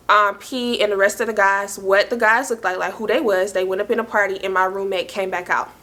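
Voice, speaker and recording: A young woman tells a story in a loose, chatty way, leaning on "like" and "y'all" as she goes. Her voice is bright and clear, and her pitch sits in the middle of the range. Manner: chatty, heavy use of "like" and "y'all", animated retelling. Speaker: storyteller host. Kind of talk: casual storytime vlog.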